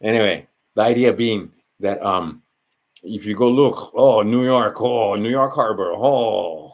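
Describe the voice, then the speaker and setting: This channel host, who has a Hawaiian Pidgin accent, speaks in a fairly low voice at a measured pace. His solo monologue meanders, with frequent self-corrections and asides to the listener.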